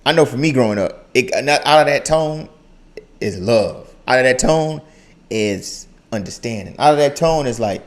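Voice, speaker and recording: A young man hosting a casual reaction video, talking in an animated way and repeating phrases for emphasis. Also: medium pitch, moderate pace. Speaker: YouTube reaction host.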